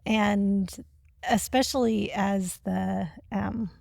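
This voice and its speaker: Female missionary guest, measured and reflective, slight vocal fry, dry close sound. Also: medium pitch, steady tone, darkish tone, no echo. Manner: thoughtful, measured, with many pauses and ums. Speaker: missionary, member care staff. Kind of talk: interview answer.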